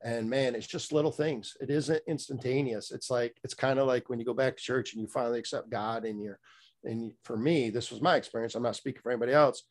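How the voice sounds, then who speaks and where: A man's voice: medium pitch, fairly even intonation, fast talker. A middle-aged man telling a candid personal story as a guest, rambling with many fillers and restarts, blunt and a little profane.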